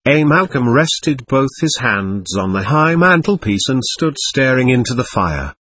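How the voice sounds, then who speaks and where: A man narrating an audiobook in measured first-person storytelling. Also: mid-range voice, very animated, fairly bright tone, husky, dry recording. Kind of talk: scripted narration.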